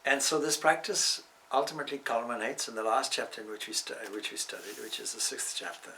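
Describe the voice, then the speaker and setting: A man giving a measured, reflective spiritual talk on scripture, with touches of gentle humor. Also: mid-range voice, creaky, far from the mic, poor audio. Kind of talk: spiritual discourse.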